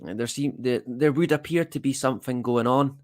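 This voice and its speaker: A man's voice: mid-range voice, a little fast, a little mellow. A Scottish man hosting a livestream, chatting casually to viewers with self-deprecating, rambling asides. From Scotland. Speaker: livestream host.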